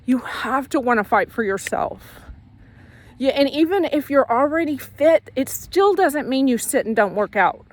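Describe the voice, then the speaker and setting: A woman's voice: sits high, expressive, normal speed. A woman giving a casual, earnest faith and fitness pep talk while out on a walk. She repeats herself and corrects herself as she goes. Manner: earnest, repetitive, self-correcting; walking while talking. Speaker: faith vlogger.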